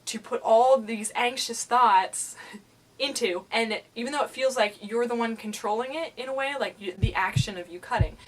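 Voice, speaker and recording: A young woman talking casually to camera, animated and giggly, often slipping into silly voices. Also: fairly high pitch, normal speed. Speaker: vlogger.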